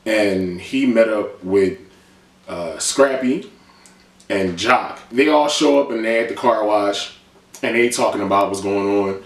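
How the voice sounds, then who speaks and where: A man's voice: on the low side, a little slow. A man giving a blunt, sarcastic, profane comedic recap of a TV episode. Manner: loose, blunt and sarcastic, swears freely. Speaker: TV recap vlogger. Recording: roomy room, distant mic.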